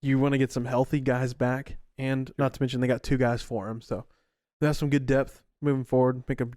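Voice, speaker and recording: A young man co-hosting a podcast, breaking down sports trades in relaxed, slangy chat. His voice sits at a middle pitch. The recording is close and dry. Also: brisk, no echo. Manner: chatty sports talk, laid-back with slang. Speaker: podcast co-host. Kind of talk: casual chat.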